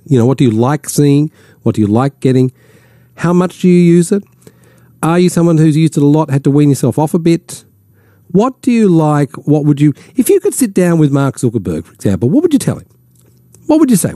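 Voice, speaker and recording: Lively chatty Australian radio host man. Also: fairly high pitch, dry recording, studio quality. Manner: chatty, animated, mock voices for quotes. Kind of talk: talkback radio chat. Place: radio studio.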